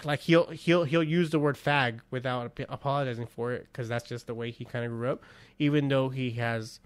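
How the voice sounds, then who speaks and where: A man's voice: medium pitch, fairly even intonation, fairly quick, smooth, no room sound. Man host, casual profane storyteller, clean dry close sound. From Mexican-American. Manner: loose, profane storytelling with repeated restarts. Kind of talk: casual chat.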